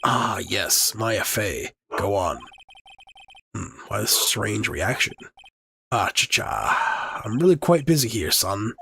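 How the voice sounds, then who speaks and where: A man voicing a pompous older male lawyer who dodges questions, clearing his throat and drawing out his words. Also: on the low side, expressive, bright, forceful tone, slight background noise, pitched below the performer's own voice, full character voice. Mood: evasive. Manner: blustery, clears throat, drawn-out pauses.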